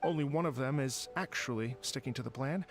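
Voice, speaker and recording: A man's voice: medium pitch, fairly quick, lightly acted. An actor playing a polite male event organizer with a courteous, slightly hesitant way of talking, over game music.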